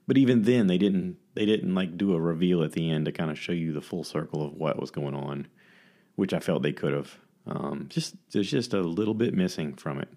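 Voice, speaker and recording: A man with a low, deep voice chats on his own to a camera mic. He rambles loosely, with plenty of fillers and restarts, like a casual vlog host reviewing films. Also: a little mellow. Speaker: vlogger host. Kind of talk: casual solo talk reviewing movies.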